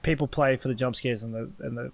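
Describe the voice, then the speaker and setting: A man's voice: mid-range voice, fairly even intonation, fast, vocal fry. A young Australian man co-hosting a casual podcast, rambling and teasing with frequent restarts. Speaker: podcast co-host. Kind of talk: casual chat.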